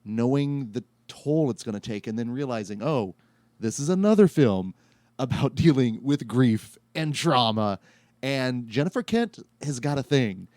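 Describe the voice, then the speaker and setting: A man hosting a film podcast, speaking casually and in a measured way, putting questions to his guests. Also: mid-range voice, expressive, darkish tone, dry recording. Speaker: podcast host.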